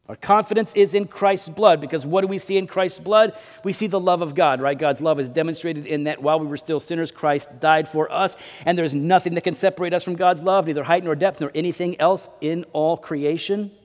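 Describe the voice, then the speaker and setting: A man preaching a sermon as pastor, with dynamic delivery that swings between loud emphasis and quiet low drops. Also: fairly even intonation, brisk, hardly any pauses, long reverb tail. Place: church sanctuary.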